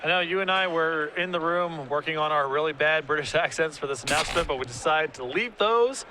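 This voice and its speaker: A man's voice: a little high, fairly quick, pushed and bright, a little hiss or hum. A man giving color commentary on a card game tournament, analytical with a dry sense of humor.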